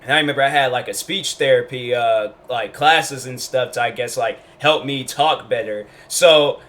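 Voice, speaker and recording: A man's voice: mid-range voice, normal speed, a bit bright. A young man from Washington State casually telling a personal story in a rambling storytime vlog, full of fillers and restarts. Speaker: YouTuber.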